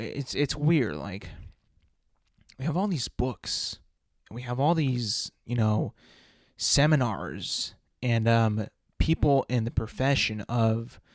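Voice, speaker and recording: A man's voice: medium pitch, dry recording, studio quality. A man hosting a podcast, talking in a casual comedic monologue, rambling through restarts and rhetorical questions. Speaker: podcast host.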